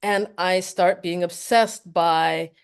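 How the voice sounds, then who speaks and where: A woman's voice: on the low side, slow pace, gravelly, smooth. A woman from New York, a soprano and author, telling a story as an interview guest and acting out the quotes. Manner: animated, acts out quotes and laughs often.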